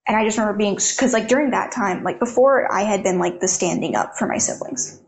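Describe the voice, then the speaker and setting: A woman's voice: medium pitch, brisk, vocal fry, slight background noise. An eighteen-year-old woman, an interview guest, telling her own story frankly and conversationally, with plenty of "like" in her speech. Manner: frank, conversational, heavy use of "like". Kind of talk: candid personal storytelling.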